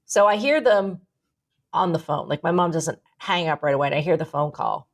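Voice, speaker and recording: A woman co-hosting a podcast, telling a long story in casual chat, animated and rambling, swearing freely. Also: deep voice, normal speed. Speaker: podcast co-host.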